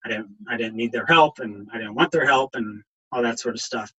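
Middle-aged male guest, husky and bright, halting and emotional personal storytelling. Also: mid-range voice, lo-fi sound. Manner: halting, many ums, voice catching with emotion. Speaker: guest, counselor and veteran in recovery.

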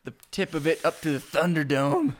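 A man's voice: fairly high pitch, normal speed. A man co-hosting a podcast, joking crudely and teasing his friends. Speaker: podcast co-host. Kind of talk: casual podcast banter.

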